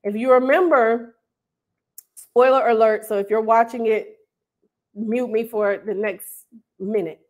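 Lively woman hosting a live stream. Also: a little high, unhurried, pauses often. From North Carolina. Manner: animated, laughs often, reads out viewers' names. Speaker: host of an online hair school livestream. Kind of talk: casual live-stream chat.

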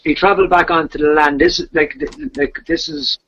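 A man's voice: on the high side, sing-song, brisk, creaky, a bit bright, slightly rough. A man telling a legend in casual, rambling talk, with repeated fillers. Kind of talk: casual storytelling. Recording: dull lo-fi podcast audio.

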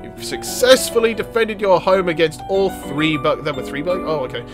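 A young man giving excitable gameplay commentary, laughing and exclaiming as he plays. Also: fairly high pitch, moderate pace, hardly any pauses. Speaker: gaming video host. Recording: game music playing loudly under voice. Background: game music.

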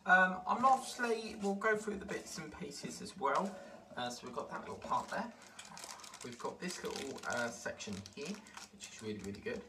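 A chatty man talks through a pile of model parts, rambling and delighted. He sounds set back from the mic, and steady background noise sits under his voice. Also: a little high, moderate pace, recorded from a distance. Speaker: model-building vlogger. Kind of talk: casual unboxing commentary.

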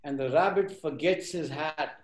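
A man's voice: on the high side, normal speed, reverberant, low-quality recording. A man telling a fable to a live audience at a workshop. He acts out the characters in voices and quizzes the listeners as he goes. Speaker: workshop speaker. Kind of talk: storytelling to a live group.

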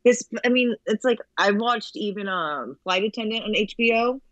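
A woman's voice: mid-range voice, normal speed, no room sound, lo-fi sound. A woman co-hosting a podcast, chatting casually with many fillers and quoted asides. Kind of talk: casual chat.

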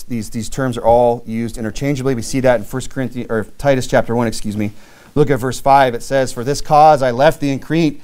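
A man's voice: mid-range voice, a little mellow. Man preaching a church sermon. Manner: preaching with scripture readings and frequent restarts. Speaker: pastor.

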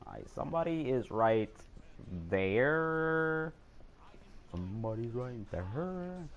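A teenage guy live-streaming a game and reacting out loud. His excitable, swearing, joking commentary swings widely in pitch. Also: slow, dull audio. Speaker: gamer streamer.

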